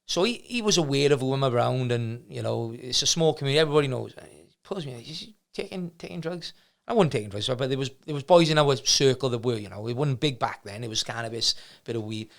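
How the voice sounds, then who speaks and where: A man's voice: medium pitch, animated, quick pace, vocal fry, few pauses. A middle-aged man, telling his life story as a guest in a casual chat, rambling with many restarts. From Wales. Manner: rambling, many restarts, acts out quoted people. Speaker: martial arts gym owner, guest.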